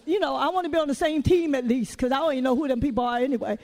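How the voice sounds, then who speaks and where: Woman preacher, high voice, Southern US accent, lively, conversational, folksy asides. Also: racing, hardly any pauses. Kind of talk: sermon.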